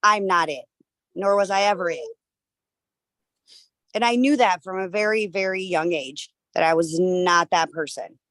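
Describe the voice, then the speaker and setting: A woman taking part in a live video call, reflective and hesitant, pausing with fillers as she shares. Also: fairly low pitch, a bit bright, no room sound. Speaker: participant.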